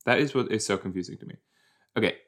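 Speaking quickly in a lowish, fairly bright voice, this young podcast host rambles through his reaction to a TV episode. He's chatty and jokey, slipping into silly voices as he goes.

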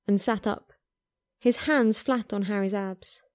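A woman calmly reading a romance story aloud in a measured voice. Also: mid-range voice, no room sound, clean studio sound. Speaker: fan fiction reader.

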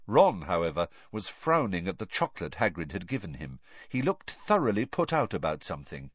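Low, animated male audiobook narrator; dry, dull lo-fi recording. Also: fairly quick, no echo. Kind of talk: storybook narration.

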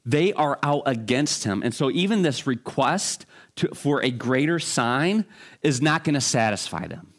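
A man's voice: mid-range voice, animated, measured pace. A man preaching a Bible teaching sermon in a conversational way, with frequent restarts and fillers.

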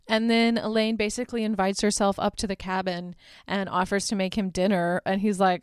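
A woman's voice: mid-range voice, little pitch movement, brisk, clean tone, dry recording, studio quality. A woman hosting a podcast and casually recapping a film, chatty and playfully crude, with frequent laughs and fillers, acting out bits of dialogue. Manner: chatty, laughs often, lots of "like" and "um"; playfully crude, acts out characters' lines. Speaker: podcast host.

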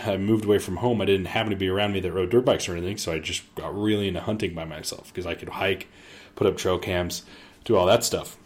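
A man co-hosting a podcast, telling hunting stories in casual chat and acting out quotes with an animated, delivery. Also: fairly low pitch. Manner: animated storyteller, acts out quotes. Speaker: podcast co-host.

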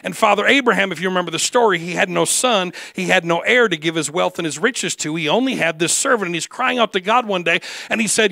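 A man preaching an animated sermon with humor, acting out the voices of figures he quotes. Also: high-pitched, fast, creaky, hardly any pauses, no echo. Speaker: guest preacher.

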